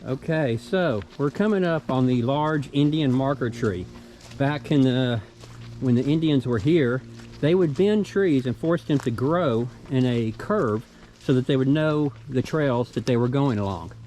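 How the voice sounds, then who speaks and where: This middle-aged hiking vlogger, speaking with a Southern US accent, casually talks through a forest trail and shows off little things he spots, easygoing and clearly delighted by them. He has a mid-range, dark voice and a measured pace. The recording is rough, with slight background noise.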